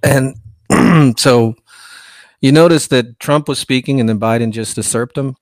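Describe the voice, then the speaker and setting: A man's voice: mid-range voice, measured pace, no room sound. Frustrated male podcast host, dry sound. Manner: frustrated, rambling, hesitant. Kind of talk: political commentary.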